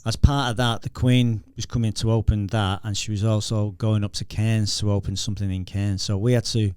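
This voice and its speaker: This former explosive detection dog handler, a middle-aged man from Northern England, has a lowish, slightly mellow, clean voice with flat delivery and a fairly quick pace. In a casual podcast interview he chats and laughs through his stories, often restarting. The recording is dry and studio-clean.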